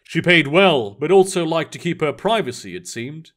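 A man narrating a sci-fi story aloud in an expressive reading style. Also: a little high, normal speed, few pauses.

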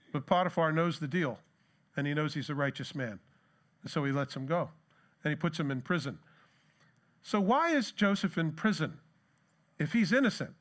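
A man's voice: fairly high pitch, a bit bright. A middle-aged man giving a conversational sermon as pastor, asking the congregation rhetorical questions and telling anecdotes.

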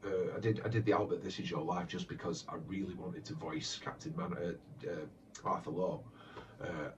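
A man's voice: sits low, level tone, moderate pace, background noise. A man who makes comedy voiceover parodies, answering fan questions in a hesitant, chatty way. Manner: hesitant, many fillers and restarts, chatty. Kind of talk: casual Q&A chat. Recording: distant muffled lo-fi mic.

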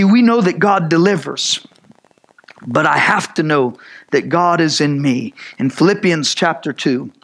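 A man's voice: fairly high pitch, rough recording. Male pastor preaching with a raised voice, repeating lines to build emphasis. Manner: repetitive, stammering restarts, rising to loud emphatic peaks; acts out voices of Moses and God in dialogue. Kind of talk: sermon.

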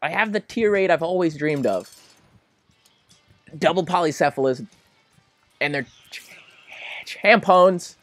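A young man giving casual, excitable let's-play commentary, melodramatic and quick to plead or laugh. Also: on the high side, soft background music. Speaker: gaming commentator.

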